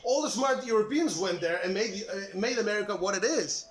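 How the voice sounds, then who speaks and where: A man's voice: high voice, animated, fairly quick, faint music behind. A man ranting casually to the camera like a political commentator, cursing and restarting his sentences with many fillers. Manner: profane, heated, trailing restarts and fillers. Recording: echoey room with faint background noise.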